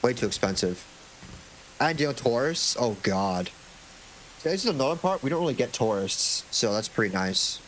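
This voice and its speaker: A young man from Florida chats on a live stream, rambling from topic to topic and joking with casual swearing. His voice sits at a middle pitch, and a faint hiss runs under the desk mic. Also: very animated, moderate pace, fairly bright tone. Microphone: desk microphone.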